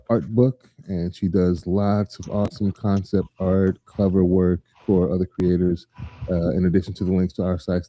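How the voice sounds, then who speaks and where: Deep mellow-voiced man hosting a casual chat. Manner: animated, acts out scenes in quick voices. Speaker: podcast host.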